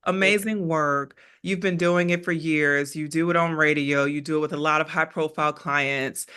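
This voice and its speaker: A woman hosting a casual podcast, talking in a gushing, upbeat way. Her voice is bright and forward, with a clear ring. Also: low voice, steady tone, normal speed. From East Coast of the US. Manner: upbeat, effusive, laughs often. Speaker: podcast host.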